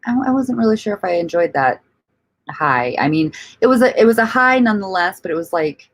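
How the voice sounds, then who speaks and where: A woman's voice: medium pitch, expressive, fairly quick. A woman hosting a casual livestream, reading out viewer comments and rambling through her thoughts with frequent laughs and casual swearing. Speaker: livestream host.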